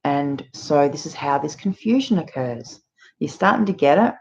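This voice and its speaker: A woman's voice: low voice, lively intonation, normal speed, vocal fry. A woman hosting her channel, earnestly explaining with frequent fillers. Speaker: channel host. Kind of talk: talking to camera about abuse. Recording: muffled lo-fi audio.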